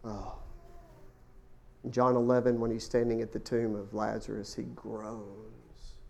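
A man preaching a sermon, asking his listeners rhetorical questions and swinging from loud exclamations down to hushed, near-whispered lines. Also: lowish voice, level tone, a little slow, vocal fry. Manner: addresses listeners as folks, asks rhetorical questions.

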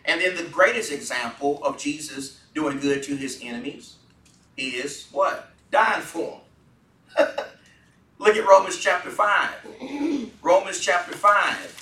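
Slow and lively in intonation, with long pauses, a man runs a Bible study and sincerely puts questions to those gathered. His voice is bright, forceful and rather high, captured from far off in an echoing room.

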